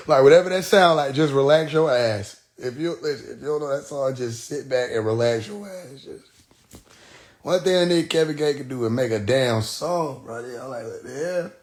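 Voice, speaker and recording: A man's voice: medium pitch, moderate pace, a little mellow. A man doing casual live-stream commentary on songs, loose and profane, laughing often and singing along, talking into a phone. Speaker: livestreamer reacting to songs.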